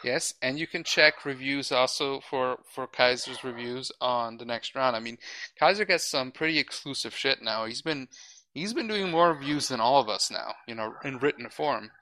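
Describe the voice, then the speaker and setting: A man's voice: medium pitch, normal speed, sharp tone, a little hiss or hum, low-quality recording. A man hosting a podcast, chatting casually with strong opinions and a lot of restarts, and swearing now and then. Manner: rambling, opinionated, frequent restarts. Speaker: podcast host. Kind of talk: casual chat.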